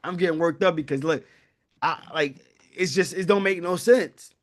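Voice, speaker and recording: A man's voice: on the high side, moderate pace. A man hosting a live online wealth class, fervent and preachy, calling out to his viewers. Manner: fervent, preachy, calls out to the audience. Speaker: wealth-building webinar host. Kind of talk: live online sales pitch.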